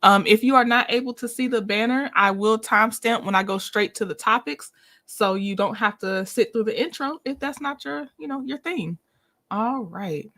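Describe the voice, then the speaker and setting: A woman's voice: fairly high pitch, normal speed, fairly bright tone. A woman hosting a casual livestream, chatty and greeting viewers by name with frequent laughs. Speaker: commentary channel host.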